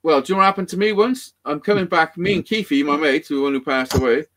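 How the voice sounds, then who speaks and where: A man on a livestream, telling rough stories in casual chat, swearing constantly and acting out the dialogue. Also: fairly high pitch, fast, a bit bright, slight background noise. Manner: swears constantly, acts out quoted dialogue animatedly. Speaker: livestream co-host.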